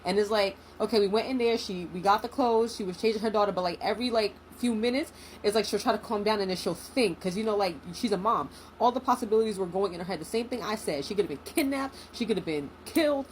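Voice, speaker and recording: A young woman in a casual storytime vlog, animated and indignant, acting out what people said. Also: mid-range voice, fast talker, a little hiss or hum, poor audio. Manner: animated, indignant, acts out quotes.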